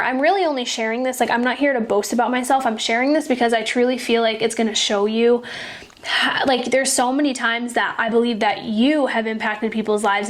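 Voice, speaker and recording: A young woman hosting a podcast, talking earnestly and emotionally about faith and kindness, often restarting her sentences. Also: on the high side. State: tearful at times. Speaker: podcast host. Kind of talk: personal faith-based podcast talk.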